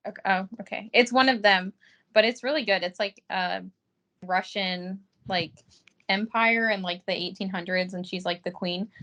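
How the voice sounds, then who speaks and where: A woman's voice: medium pitch, moderate pace, a bit bright. A woman chatting enthusiastically in a casual book club talk. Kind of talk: casual chat.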